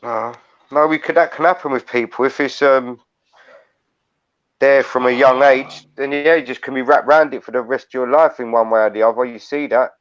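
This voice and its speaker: A man's voice: medium pitch, fairly even intonation, moderate pace. Swearing man hosting a stream. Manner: blunt, swearing, matey. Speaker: live stream host. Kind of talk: casual chat. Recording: dull lo-fi audio.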